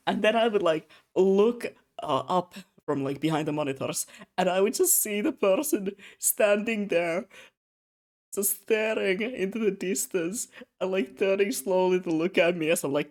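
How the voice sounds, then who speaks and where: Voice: mid-range voice, a little slow. A young adult streamer chatting casually while drawing, telling rambling stories with lots of asides and frequent laughter. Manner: animated storyteller, laughs often; rambling, many fillers and asides.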